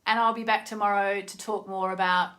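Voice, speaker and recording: A woman's voice: mid-range voice, steady tone, a little fast, a bit bright. A middle-aged woman hosting a live stream, chatting casually and effusively as she reads oracle cards. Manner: chatty, easily sidetracked, effusive.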